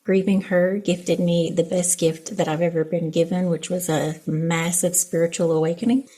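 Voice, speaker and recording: A woman from the American South talks openly in a podcast conversation. Her voice is mellow and a bit husky, and it sits lowish. She tells stories about home candidly and pokes fun at herself. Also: level tone, moderate pace. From Southern United States. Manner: candid and self-deprecating, acts out her son's lines. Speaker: mother.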